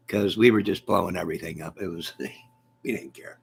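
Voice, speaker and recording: Gravelly-voiced man hosting casual chat. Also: low-pitched, steady tone, a little slow, pauses often, noisy background. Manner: joking, repetitive, laughs often. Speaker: host of a movie and music channel.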